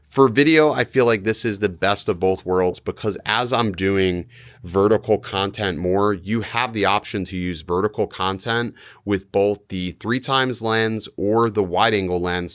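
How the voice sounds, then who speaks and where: A man's voice: low-pitched, a bit bright, clear, resonant tone. A man talking casually about his gear, recorded on a small camera's onboard mic, his voice a little worn. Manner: casual, direct, a bit blunt. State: losing his voice. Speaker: vlogger, real estate photographer.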